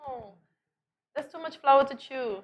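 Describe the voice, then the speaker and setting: A woman's voice: sits high, a little slow. A woman co-hosting a morning show, chatting and joking playfully. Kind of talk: casual chat.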